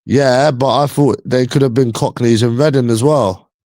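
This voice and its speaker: A young man with an East London accent rambles in a casual, slang-heavy chat, going back over the same points again and again. His voice sits at an ordinary middle pitch. The sound is dry, with no room around it. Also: fairly even intonation, normal speed, a little mellow, dry recording. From East London, England. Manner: slangy, repeats himself, loose rambling talk.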